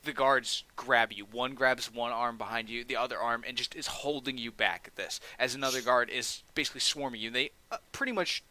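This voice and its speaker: A man narrating a tabletop role-playing game as game master, relaxed and full of filler words. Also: mid-range voice, fairly quick, hardly any pauses.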